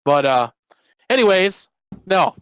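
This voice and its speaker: Smooth, slightly high male guest. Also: very animated, takes it slowly, a bit bright, no echo, rough recording. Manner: playful, wisecracking. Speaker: streamer guest. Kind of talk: casual stream chat.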